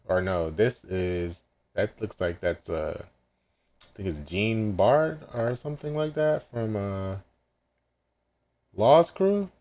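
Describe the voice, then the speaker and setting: Low voiced guy going thru a manga chapter live, slow and unhurried, lots of ums and oh wait no. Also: lively intonation, a little mellow. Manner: hesitant, many ums and self-corrections. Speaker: manga reaction host. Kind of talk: casual live reaction recap.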